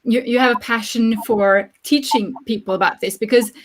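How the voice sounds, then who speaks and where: Woman host for an informal Q&A; encouraging tone, slightly higher pitch. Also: steady tone, normal speed, a little hiss or hum. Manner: encouraging, frequent mm-hmm backchannels. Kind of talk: informal Q&A discussion.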